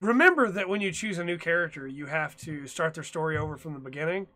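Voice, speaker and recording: Young male podcast co-host, high and bright, chatty and laughing, animated storyteller. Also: quick pace. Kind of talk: casual chat.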